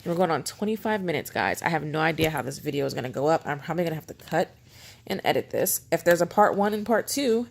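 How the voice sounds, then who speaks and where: Low gravelly-voiced woman rambling on about her stuff at home, jokes at herself a lot. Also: expressive, fast talker, a little hiss or hum. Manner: chatty, rambling, self-mocking, talks to her cat in a baby voice. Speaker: planner vlogger. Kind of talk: casual show-and-tell chat.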